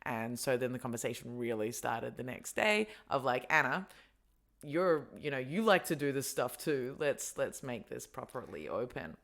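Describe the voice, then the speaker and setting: A woman's voice: a bass voice, very animated, normal speed, fairly bright tone. A woman hosting a podcast, talking frankly and supportively, laughing along. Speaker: podcast host. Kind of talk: casual chat.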